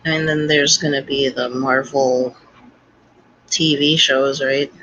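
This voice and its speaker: A man's voice: medium pitch, level tone, takes it slowly, pushed and bright. A man joining a casual chat over a voice call, sounding tired. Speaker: guest on a chat stream. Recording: muffled lo-fi call audio.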